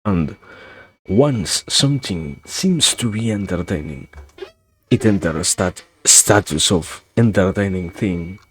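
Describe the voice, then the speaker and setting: A man streaming, thinking aloud in a rambling, philosophical monologue, halting with many restarts and self-corrections, in a wry, musing way. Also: sits low, expressive, slightly rough. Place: home streaming setup.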